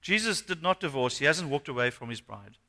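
A male pastor preaching a sermon, animated and asking the congregation questions. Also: a little high, fairly quick. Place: church hall. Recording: long hall reverb.

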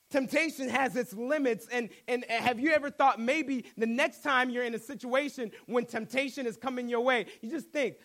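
A man with a very high voice preaches a sermon. His delivery is animated and conversational, and he slips in jokes between his points. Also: normal speed, hardly any pauses. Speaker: pastor.

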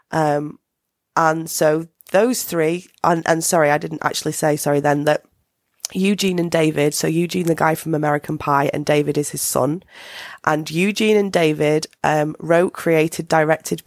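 A woman talks casually on her solo podcast, wandering off track and circling back with frequent ums and restarts. Her voice sits a little low and has a lot of gravelly fry. The sound is dry and close, with no room around it. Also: no echo. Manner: rambling, many fillers and restarts. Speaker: podcast host.

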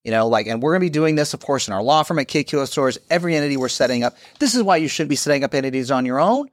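A man co-hosting a business podcast, giving brisk, insistent advice. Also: medium pitch, animated, no room sound. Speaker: podcast co-host, business lawyer. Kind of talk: casual podcast chat.

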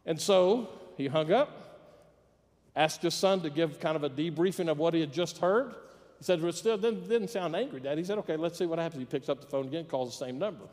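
A man's voice: fairly high pitch, a little fast, darkish tone. A man preaching a sermon as pastor, telling a story with humor and acting out the voices in it. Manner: storytelling, plays out quoted voices with jokes. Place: church sanctuary. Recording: long reverb of a church hall.

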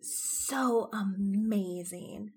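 A woman co-hosting a casual book chat, laughing often and acting out characters in quick quotes. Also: mid-range voice, a little mellow, slightly rough. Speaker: podcast co-host.

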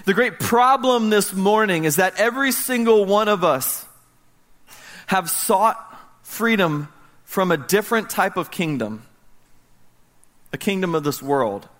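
Lively storytelling male pastor. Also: sits high, unhurried, long pauses. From United States. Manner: lively storytelling, swings from loud to hushed. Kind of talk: sermon.

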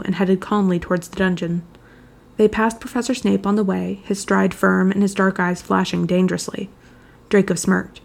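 A woman narrating a fan fiction chapter aloud, reading in an even, measured storytelling manner. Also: lowish voice, vocal fry.

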